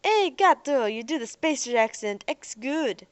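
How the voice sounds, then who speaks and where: A woman voicing a brash, cheerful young man who talks loud, excited city slang. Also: a little high, moderate pace, no echo, pitched above the performer's own voice, close to an everyday voice.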